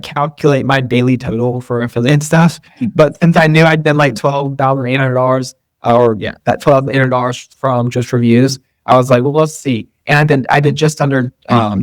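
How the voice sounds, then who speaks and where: A man's voice: medium pitch, no room sound. Rambling man with a dry close mic. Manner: rambling, many fillers and restarts. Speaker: guest entrepreneur. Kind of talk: casual interview talk.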